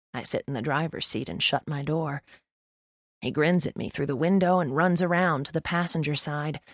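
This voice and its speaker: A young woman narrating an audiobook in the first person, with wry, deadpan asides, close to the mic. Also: lowish voice, no room sound.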